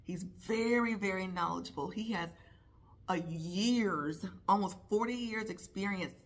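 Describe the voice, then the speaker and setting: A middle-aged woman speaking personally to camera in a vlog, heartfelt and halting, with pauses and repeated words. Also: medium pitch. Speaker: vlogger, nurse.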